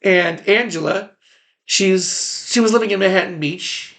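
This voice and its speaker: A man's voice: high-pitched, unhurried, fairly bright tone. A man who once worked as a background extra, casually recalling it in a rambling way and repeating phrases for emphasis. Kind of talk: casual personal reminiscence.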